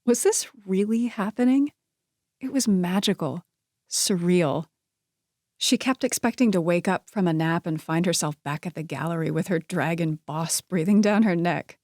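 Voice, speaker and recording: A woman narrating a romance novel in an even, measured reading voice on a close studio mic. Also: on the low side, no echo. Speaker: audiobook narrator. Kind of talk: scripted narration.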